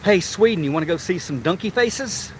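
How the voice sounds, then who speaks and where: A man's voice: sits high, lively intonation, fairly quick, darkish tone, a little hiss or hum. A man giving a casual, laughing live tour of a zoo, chatty and a bit winded as he walks. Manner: chatty, laughing, repeats himself. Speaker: vlogger touring a zoo. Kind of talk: casual live-stream chat. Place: outdoors at a zoo.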